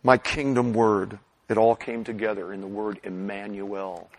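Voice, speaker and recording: A middle-aged man preaching a sermon, animated, swinging between loud bursts and hushed asides. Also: on the low side, unhurried, poor audio. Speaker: pastor.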